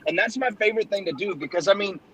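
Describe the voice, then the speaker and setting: A man's voice: high-pitched, animated, fast talker, over a noisy crowd, poor audio. A man hosting a casual podcast chat who tells jokes in a loose, profane storytelling manner. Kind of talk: casual chat and joke telling.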